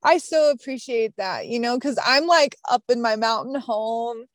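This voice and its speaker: A woman's voice: a little high, normal speed, no echo. Chatty, bubbly woman with a Southern accent. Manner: bubbly, chatty, full of fillers and likes. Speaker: podcast guest, business coach. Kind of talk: casual interview chat. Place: mountain home.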